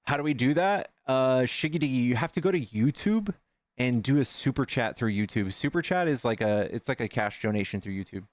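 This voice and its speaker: A man hosting a casual livestream, excitedly thanking donors and chatting with callers. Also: mid-range voice, fairly quick, no room sound. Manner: excitable, reads donations aloud. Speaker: livestream host.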